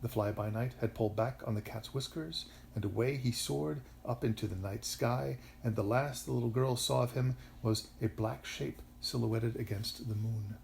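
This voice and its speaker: A man reading a bedtime story aloud to his daughter, telling it in an expressive, animated way. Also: mid-range voice, normal speed, vocal fry, hardly any pauses, slight background noise.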